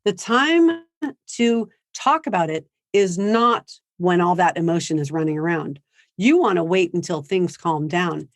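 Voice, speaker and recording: A woman's voice: fairly low pitch, animated, measured pace, no room sound. A woman giving a parenting seminar in a conversational way, acting out what teens and parents say. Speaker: parenting speaker. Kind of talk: seminar talk. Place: high school seminar.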